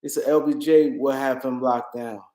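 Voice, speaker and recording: A man's voice: medium pitch, steady tone, normal speed, warm tone. Tired, rambling man in an echoey room. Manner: loose, rambling, talks to chat, repeats himself. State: tired, yawning. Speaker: livestream host. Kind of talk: casual livestream chat.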